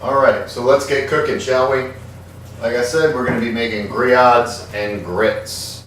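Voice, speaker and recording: A man's voice: mid-range voice, a little slow, very echoey, far from the mic, slight background noise. Joking man hosting a home cooking show. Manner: joking, irreverent, deadpan asides. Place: home kitchen.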